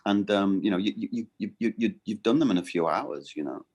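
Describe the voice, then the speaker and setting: A middle-aged man with a gravelly, fairly low voice chats in a casual interview. He talks in halting bursts, stopping and restarting his sentences and filling gaps with ums. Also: a little mellow, lo-fi sound. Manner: halting, many restarts and fillers. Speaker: voice actor guest.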